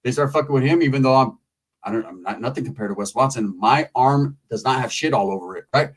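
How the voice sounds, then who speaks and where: A man talking casually into the camera, telling a profane story and mimicking other people in loud, high voices. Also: fast, breathy edge. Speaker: YouTube commentator. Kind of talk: casual commentary monologue.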